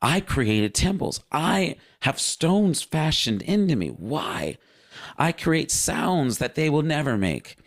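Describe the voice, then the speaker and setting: A man's voice: a little high, very animated, slow pace, creaky, pitched above the performer's own voice, full character voice. Man putting on vain coaxing fallen angel Lucifer. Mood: boastful. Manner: boastful, then pleading and insistent.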